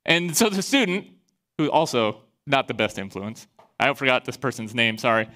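Bright-voiced man from iowa, pastor doing a sermon, really animated and up and down. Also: medium pitch, moderate pace. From Iowa, USA. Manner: animated storyteller, acts out quoted voices. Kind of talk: sermon with personal storytelling.

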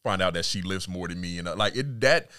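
A middle-aged man with a very low voice, talking in a relaxed interview. He chats in an easygoing, self-deprecating way, with plenty of fillers. The sound is dry, with no room echo. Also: fairly quick, clean tone. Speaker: podcast guest, husband. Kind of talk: casual interview chat.

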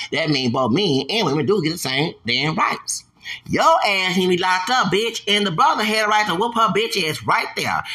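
Sharp-voiced man ranting profanely. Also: on the high side, breathy edge. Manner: profane, heated, repeats phrases like chants. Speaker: podcast host. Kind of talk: ranting podcast monologue.

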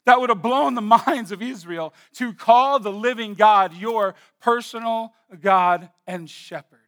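A man preaching a sermon to a congregation, emphatic and swinging between hushed and loud. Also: high-pitched, measured pace. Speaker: pastor. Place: church with slides.

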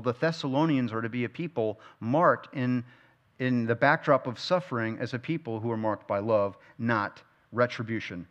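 A man leads a verse-by-verse Bible study in an ordinary, mid-range voice. He keeps asking his listeners questions and drives points home by repeating key phrases. The recording sounds slightly dull and lo-fi. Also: medium pitch. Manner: asks the listeners frequent rhetorical questions. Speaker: Bible teacher.

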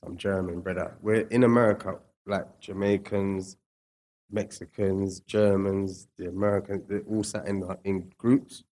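A man with a fairly low voice talks through his story in a relaxed, slangy way. He turns reflective when drawing lessons from it, then livens up when he acts out scenes. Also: unhurried. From England. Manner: slangy, reflective, animated when retelling stories. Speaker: guest. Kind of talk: casual storytelling interview.

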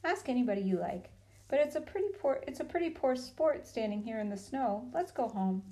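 Sulky young boy, snappish, pleading, storybook figure, voiced by a woman, raised pitch. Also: expressive, fairly quick, warm tone, lightly acted.

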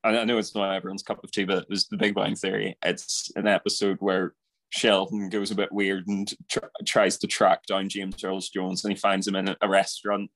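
Low-voiced man telling a story hesitantly. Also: monotone, fairly quick, a bit bright. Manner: hesitant storytelling, restarts often. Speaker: podcast co-host. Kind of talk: casual podcast chat.

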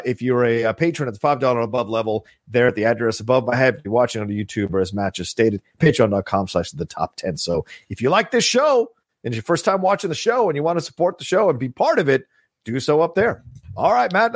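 A man's voice: medium pitch, animated, fairly quick, dry recording, studio quality. A man co-hosting a podcast over a video call, chatting casually, rambling and swearing. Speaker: podcast co-host. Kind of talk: casual chat.

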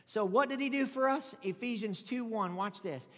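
A man preaching a sermon to a congregation, calling out for amens and exclaiming loudly between points. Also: very high voice, moderate pace. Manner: preaching with loud exclamations and call-outs. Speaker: pastor. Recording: music under reverberant hall.

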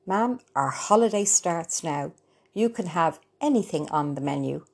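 A woman reading the lines of an eager, affectionate young daughter in a storybook, in a low, creaky voice. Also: lively intonation, measured pace, darkish tone, full character voice.

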